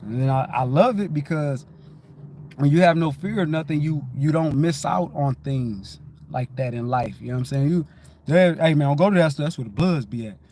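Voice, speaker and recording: This man from Detroit, USA, hosts a casual spiritual livestream, rambling in a loose, laid-back style with frequent repeats of "you know what I'm saying." His voice is fairly high and darkish, at a normal speed, with a little hiss or hum on the recording.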